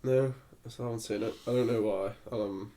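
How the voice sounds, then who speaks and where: A man's voice: fairly low pitch, steady tone, moderate pace, mellow. A man who is the podcast's movie expert, chatting in a laid-back, self-deprecating way. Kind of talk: casual chat about movies.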